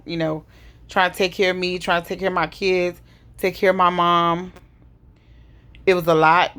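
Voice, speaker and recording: A middle-aged woman speaks to the camera about a painful stretch of her life. Her voice sits a little low, and she tells it in a heavy, personal way, pausing and sighing as she goes. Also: fairly bright tone. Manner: heavy, emotional retelling with pauses and sighs. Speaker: vlogger telling her story.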